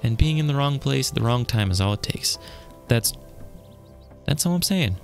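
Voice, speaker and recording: Guy doing a stern cop lady from a game, slow serious warnings, gravelly voice. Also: medium pitch, animated, soft background music. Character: stern female small-town police officer.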